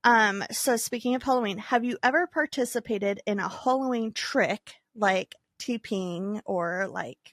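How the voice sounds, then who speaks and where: A young adult woman co-hosting a podcast, telling stories in an animated, filler-heavy casual way. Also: mid-range voice, unhurried, hardly any pauses, dry recording, clean studio sound. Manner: animated storyteller, many fillers. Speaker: podcast co-host. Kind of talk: casual chat.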